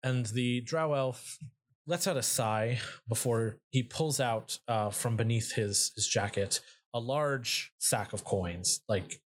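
A man's voice: medium pitch, slow. A man narrating a tabletop game as dungeon master, with many fillers and frequent laughs.

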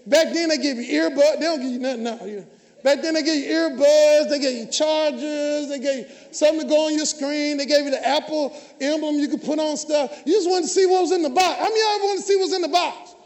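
High-voiced preaching man in his fifties. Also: fast. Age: 50s. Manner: preaching, often shouting, calling out to the audience. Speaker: pastor. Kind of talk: lively sermon with jokes to the congregation. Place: large church hall. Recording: church hall with long reverb.

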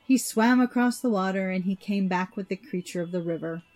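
A woman narrating an old myth in an even, measured storybook reading. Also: medium pitch, soft background music.

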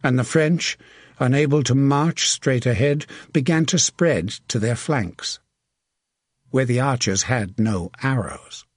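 A man narrating a historical novel in a steady, measured audiobook reading. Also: medium pitch, dry recording, studio quality. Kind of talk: scripted narration.

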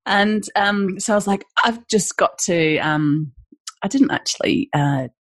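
A woman with a northeast English accent, a guest in a casual podcast interview, chatting in a lively way and jumping up in pitch when excited. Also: measured pace, dry recording. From northeast England. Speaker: guest, small business owner.

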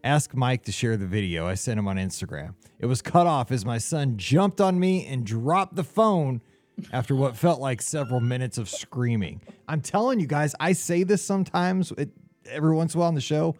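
A man's voice: medium pitch, animated, moderate pace, darkish tone, dry recording. Sentimental man co-hosting a podcast. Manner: emotional, rambling, gets choked up. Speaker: podcast co-host. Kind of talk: casual podcast chat.

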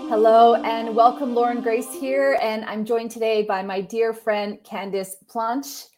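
A woman's voice: fairly high pitch, little pitch movement, darkish tone, soft background music. A woman hosting a spiritual podcast, chatting in an upbeat, talkative way. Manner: chatty, upbeat, quick laughs. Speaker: podcast host. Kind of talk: casual podcast chat.

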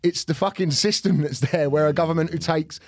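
A young man, a podcast co-host, talking in an animated, sweary way in casual chat. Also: on the high side, a little fast, no room sound, studio quality.

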